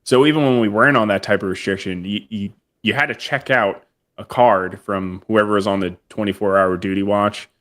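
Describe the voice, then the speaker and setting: A man, a military veteran and guest on a podcast, relaxed and telling stories in casual chat with small chuckles. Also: lowish voice, brisk. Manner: relaxed anecdotal storyteller, chuckles between phrases.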